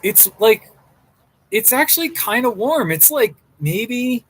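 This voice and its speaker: A man's voice: extremely high pitch, sing-song, slow, fairly bright tone, husky, poor audio. A man chatting casually on a live stream from a coffee shop, rambling and answering viewer comments. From Colorado.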